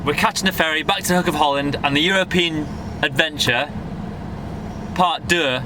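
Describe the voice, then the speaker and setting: A British man with a slightly high voice, vlogging from his camper van. He chats straight to his viewers in a slangy, sweary way. Clear road and engine noise rumbles behind him as he drives. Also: normal speed. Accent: British English. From United Kingdom. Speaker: van life travel vlogger. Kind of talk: casual travel vlog to camera. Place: inside a camper van, often while driving.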